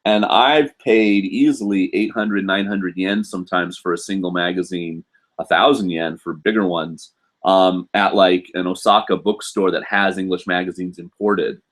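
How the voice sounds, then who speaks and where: Hosting a casual live stream from home, a man chats loosely and rambles, full of fillers and restarts. His low voice stays steady and fairly bright, at a moderate pace.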